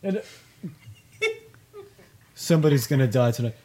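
A flustered, excitable performer in improv comedy. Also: medium pitch, normal speed.

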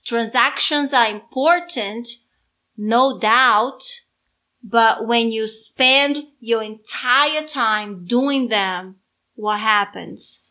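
A woman's voice: a little high, drawn-out words, sharp tone. A Brazilian woman, a mother co-hosting a podcast, chatting casually and teasing her daughter. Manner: teasing, playful. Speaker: podcast co-host. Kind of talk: casual chat.

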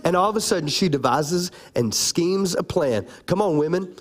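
A man preaching a sermon, animated and playful, calling out to his congregation. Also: high voice, normal speed, hardly any pauses. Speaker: pastor.

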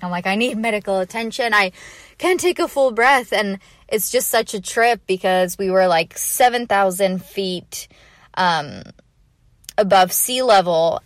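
A young woman chats through a casual travel story at an ordinary middle pitch. Her talk is loose and rambling, packed with "like" and "you know". The sound is dry and close, with no room in it. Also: no room sound. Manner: chatty, filler-heavy with frequent "like". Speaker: vlogger.

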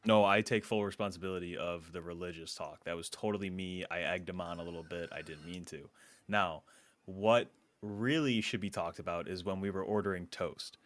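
A man telling a story in an animated way during a casual group chat, speeding up in bursts. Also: low-pitched, normal speed.

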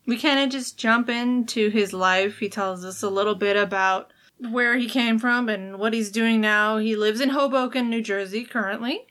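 A woman with a Midwestern American accent co-hosting a podcast, chatty and quick to laugh while recapping. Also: on the high side, a bit bright. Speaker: podcast co-host. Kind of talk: casual chat.

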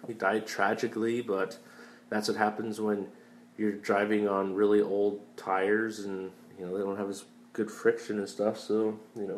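A young man in casual, rambling movie talk, swearing freely and drifting into tangents as he reviews films. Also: fairly low pitch. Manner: rambling, profane, wanders off on tangents.

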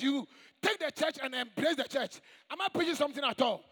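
A man preaching a sermon to a church congregation, emphatic and call-and-response, with shouted high points. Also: normal speed. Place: large church hall. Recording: long echoing church reverb.

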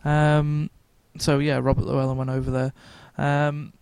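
A man's voice: on the high side, little pitch movement, unhurried, creaky, a little mellow, smooth, no echo. A man co-hosting a podcast, chatting casually at a comic convention, rambling with restarts and frequent laughter. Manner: rambling, self-interrupting, laughs often. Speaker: podcast co-host. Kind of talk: casual chat.

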